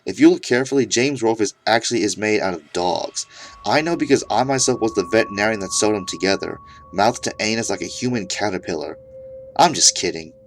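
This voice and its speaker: A man's voice: on the low side, lively intonation, quick pace, slight background noise. A man narrating an absurd comedic horror story in a mock-serious tone.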